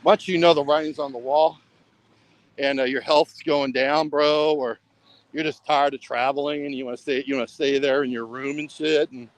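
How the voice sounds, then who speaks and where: Walking outside and through a beachside mini market, this American travel vlogger chats casually and rambles, saying "bro" constantly at the end of almost every line. His pitch is fairly high, his intonation fairly even, and his pace moderate, captured in a dry, low-quality recording.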